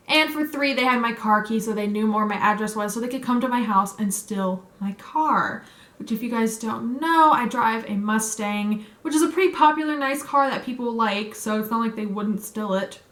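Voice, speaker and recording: A woman's voice: fairly high pitch, a bit bright. A young adult woman vlogger telling a story in a chatty way, full of "like" and "um", with a lot of feeling. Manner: chatty, fills with "like" and "um", emotional retelling. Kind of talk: casual story time. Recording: echoey room.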